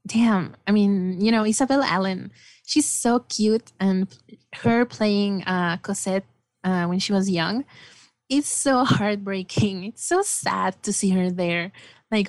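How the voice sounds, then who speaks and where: A woman's voice: medium pitch, a little mellow, dry recording. A woman guest chatting casually about a film, enthusiastic and rambling with many fillers. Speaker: podcast guest.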